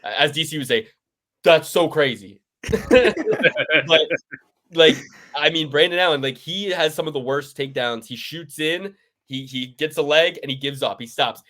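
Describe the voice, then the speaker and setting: A man with a somewhat high-pitched voice is co-hosting a casual podcast. He rants with plenty of swearing and mocks people freely, in loose, rambling sentences. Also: normal speed, sharp tone. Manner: profane, ranting, mocking. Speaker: podcast co-host. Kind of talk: casual chat.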